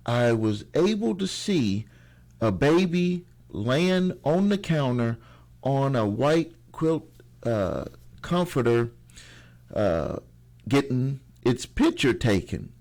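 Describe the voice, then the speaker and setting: A man's voice: medium pitch, big pitch swings, slow pace, a little mellow. A middle-aged man hosting a motivational channel, talking casually to camera, rambling and repeating phrases for emphasis with frequent restarts.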